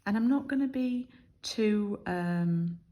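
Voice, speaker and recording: A woman's voice: medium pitch, animated, slow, mellow, poor audio. A woman from the UK giving a chatty, step-by-step card-making tutorial, explaining as she works. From United Kingdom. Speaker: craft demonstrator.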